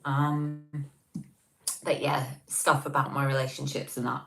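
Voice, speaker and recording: A woman's voice: very deep voice, level tone, unhurried, echoey room, low-quality recording. A woman hosting a casual livestream, reading out chat messages and answering them in a chatty, self-mocking way with many ums. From Scotland.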